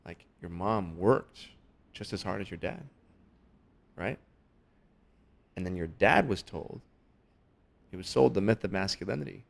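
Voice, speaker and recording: A man and father, a podcast guest, speaking reflectively and gently emphatic in casual chat. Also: deep voice, unhurried, gravelly, long pauses.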